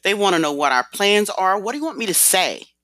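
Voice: medium pitch, big pitch swings, pushed and bright, dry recording, clean studio sound, voice pushed up. An audiobook narrator voicing a panicked young female office assistant who speaks in a flustered rush. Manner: flustered, hurried. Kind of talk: audiobook character voice.

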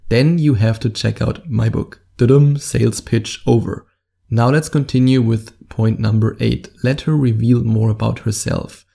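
A man's voice: mid-range voice, gravelly, warm tone. A man with a German accent, speaking directly to the camera as a dating coach in an upbeat, salesy way with playful asides.

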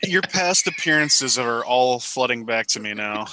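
A man's voice: mid-range voice, expressive, unhurried, pushed and bright, rough recording. A man co-hosting a casual podcast, teasing the others in a dry manner. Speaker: podcast co-host.

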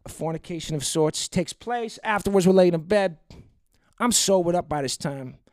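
A man's voice: high voice, animated, normal speed, no echo, clean studio sound. A man telling a long personal anecdote in a rambling, wry, profane way. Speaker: storyteller. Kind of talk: casual anecdote monologue.

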